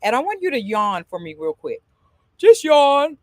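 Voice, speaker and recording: A woman's voice: mid-range voice, sing-song, fairly quick, dry recording. Woman, voice teacher, video call, encouraging, demonstrative, dry sound. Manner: encouraging, demonstrative, laughs often. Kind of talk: live online voice lesson.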